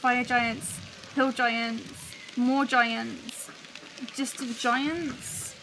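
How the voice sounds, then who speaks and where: A woman's voice: fairly high pitch, flat delivery, very slow, pushed and bright, slight background noise, rough recording. A woman hosting a livestream, chatting and thinking aloud as she builds a soundscape. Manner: chatty, musing, talks to live chat. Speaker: show host building a soundscape live.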